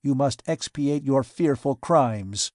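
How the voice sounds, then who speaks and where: A man reading an audiobook, voicing a cold, determined man who speaks in grim, forceful declarations. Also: medium pitch, slow, no room sound, clean studio sound, lightly acted. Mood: grim resolve.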